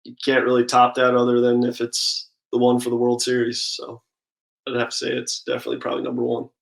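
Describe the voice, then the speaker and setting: A man in his thirties talks easily as a guest, spinning relaxed stories with lots of "like" and "I mean". His voice sits in a middling pitch and stays fairly level, rarely rising or falling much. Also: fast talker, vocal fry, rough recording. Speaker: guest, professional baseball pitcher. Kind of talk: casual interview chat.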